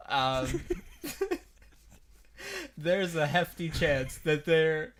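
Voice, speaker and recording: A man's voice: on the high side, takes it slowly, pauses often. A young man co-hosting a comedy podcast, spinning silly hypotheticals and laughing at his own jokes. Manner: rambling absurd jokes, giggling. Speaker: podcast co-host.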